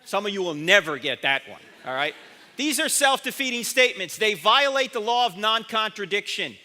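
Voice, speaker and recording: A man speaking at a university chapel, with a notably high and piercingly bright voice. He is emphatic and quizzes his audience, sometimes slipping into the voices of imagined objectors. The sound carries a long reverb from the hall. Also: lively intonation, moderate pace. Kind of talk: university chapel talk on apologetics.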